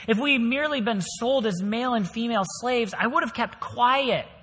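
Preacher putting on a brave queen pleading for her people, earnest and bright, long hall reverb. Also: extremely high pitch, moderate pace, slightly rough, pitched above the performer's own voice, exaggerated voice.

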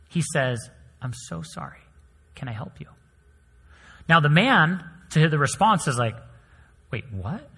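A male pastor preaching a sermon, telling stories with swings between loud emphasis and soft, hushed lines. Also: fairly high pitch, husky. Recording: long hall reverb.

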